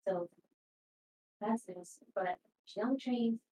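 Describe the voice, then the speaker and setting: A woman's voice: fairly high pitch, slow pace. Woman rambling in a roomy far-off mic. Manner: rambling, animated retelling with many fillers. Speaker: cast member chatting before stream. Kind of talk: casual chat. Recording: roomy, distant mic with background noise.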